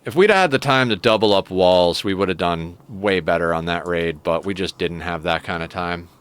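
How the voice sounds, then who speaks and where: A man streaming a game chats casually with his viewers, joking with them and talking to his cat. His voice sits low and a bit bright, with a clean tone, and he speaks at a moderate pace.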